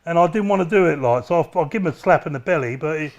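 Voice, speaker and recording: A man with a high, lively voice rambles through stories as an interview guest. His swearing is casual and his speech is loose and full of restarts. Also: racing, lo-fi sound. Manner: rambling, profane, laughing storyteller. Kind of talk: casual storytelling.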